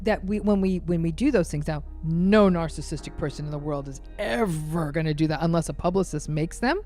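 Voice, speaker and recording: A woman with a somewhat low voice speaks as a guest expert in a podcast interview. She explains her points emphatically, often slipping into short acted-out quotes to make them vivid. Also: brisk, mellow, soft background music. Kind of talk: interview conversation.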